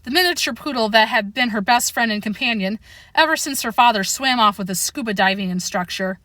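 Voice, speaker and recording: Bright-voiced woman reading a storybook. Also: a little high, fairly quick, no echo. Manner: steady read-aloud with self-corrections. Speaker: audiobook reader. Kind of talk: storybook narration.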